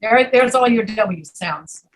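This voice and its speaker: A woman's voice: a little high, lively intonation, slow, low-quality recording. A woman with an East Coast American accent teaching an online pronunciation class over a video call, patient and explaining with examples.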